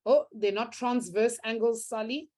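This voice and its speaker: A woman's voice: fairly high pitch, normal speed, mellow. A young woman teaching a live online maths class, upbeat and encouraging as she reads out students' answers from the chat.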